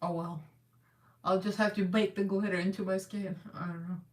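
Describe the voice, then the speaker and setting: A woman's voice: mid-range voice, flat delivery, moderate pace. Chatty woman doing a live makeup stream. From Russian American. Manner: chatty, rambling, laughs often. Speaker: makeup livestream host. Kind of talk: casual live makeup chat. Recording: echoey room, voice a little far from the mic.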